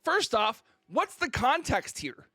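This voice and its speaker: A man's voice: very high voice, big pitch swings, slow, bright, forceful tone, slightly rough, no echo, studio quality. A man streamer ranting on a casual livestream, mock-indignant and theatrical, who keeps asking "okay?".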